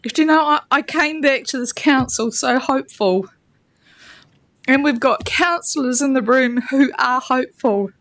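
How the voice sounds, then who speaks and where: A woman's voice: sits high, normal speed, fairly bright tone. A woman councillor giving an impassioned, blunt council debate speech, emotional and near tears, at a chamber table microphone. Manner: impassioned and blunt, with plain swearing. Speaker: regional councillor.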